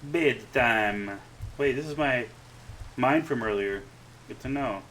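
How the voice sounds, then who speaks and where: A man's voice: mid-range voice, slow pace, a bit bright, a little hiss or hum, low-quality recording. A man giving casual gameplay commentary, musing aloud to himself with dry little asides.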